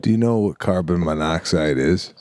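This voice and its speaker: Deadpan male co-host, dry close sound. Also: deep voice, normal speed, no room sound. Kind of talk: casual chat.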